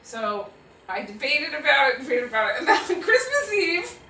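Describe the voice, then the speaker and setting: Woman in her fifties, bright high voice, swooping lively pitch, laughing self-deprecating storyteller, roomy hall, distant mic. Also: normal speed, a little hiss or hum. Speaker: guest speaker. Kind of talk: live audience Q&A storytelling. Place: auditorium with audience.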